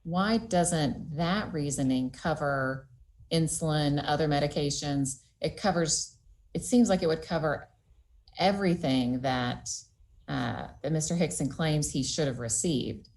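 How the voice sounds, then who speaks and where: Brief: woman judge, very low voice, pointed probing questions to counsel. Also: unhurried, a little mellow. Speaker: appellate judge. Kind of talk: questioning counsel in oral argument.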